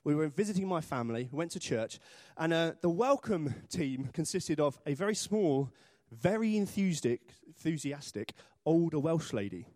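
Lively, animated British preacher man. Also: on the high side, moderate pace, hardly any pauses, dry recording, studio quality. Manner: chatty, self-deprecating humor with acted-out voices. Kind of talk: sermon. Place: church.

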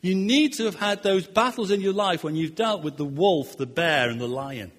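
A man's voice: high voice, animated, normal speed. A man preaching a sermon, earnest and repeating words, his voice rising and falling. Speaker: pastor. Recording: long hall reverb.

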